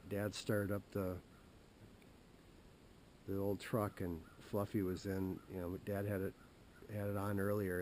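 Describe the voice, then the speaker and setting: A man with a very low voice tells a casual story outdoors in the woods, rambling and halting, often restarting his sentences. Faint outdoor ambience hangs behind him. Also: darkish tone, slight background noise. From Wisconsin. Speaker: hunting show host.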